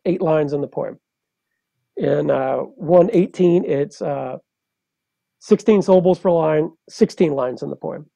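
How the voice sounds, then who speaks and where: Gravelly, mellow-voiced male poet explaining. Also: a little high, dry recording. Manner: measured, explanatory lecturing with frequent hesitations. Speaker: poet and translator guest. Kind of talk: conversational podcast explanation.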